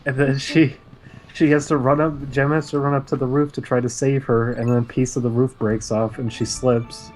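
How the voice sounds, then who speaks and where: A man co-hosting a casual podcast, recapping cartoon plots in a sarcastic, deadpan way. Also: medium pitch, normal speed, poor audio. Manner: sarcastic, deadpan recounting of plot. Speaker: podcast co-host.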